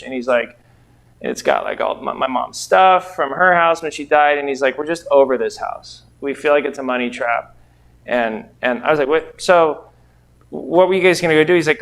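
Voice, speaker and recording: A middle-aged real estate investor and trainer tells rambling anecdotes to a training group, packing them with quoted dialogue. His voice is on the high side with a fairly bright tone, and the storytelling is casual.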